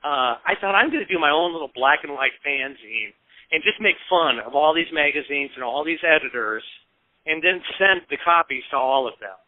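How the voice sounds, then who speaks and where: A fifties-aged man from Peoria, Illinois, in the American Midwest, tells casual stories as an interview guest, imitating the voices of people he quotes and swearing occasionally. His voice is a little high and animated at normal speed, with a dry, tinny, phone-like sound.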